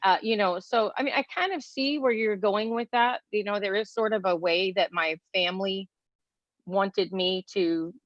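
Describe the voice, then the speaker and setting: A woman's voice: medium pitch, normal speed, no room sound. A woman from Texas, a guest talking casually in an outspoken, chatty way with many fillers. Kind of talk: casual conversation. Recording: dull lo-fi sound.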